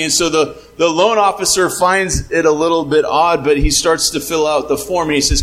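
A man telling jokes to a group in a casual, halting way, repeating words as he builds to punchlines. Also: fairly high pitch, fairly even intonation, a bit bright, poor audio.

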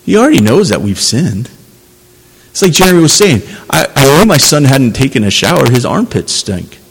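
A man's voice: medium pitch, sing-song, normal speed, gravelly, husky, long reverb tail, low-quality recording. A man preaching a sermon, earnest and conversational, building to emphatic passages. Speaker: pastor.

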